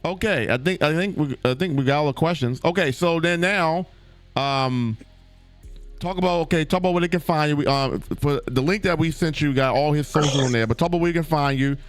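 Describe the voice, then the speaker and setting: A man hosting a casual podcast interview, halting as he reads out questions. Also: a little high, soft background music. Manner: halting, loses his place while reading questions. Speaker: podcast host.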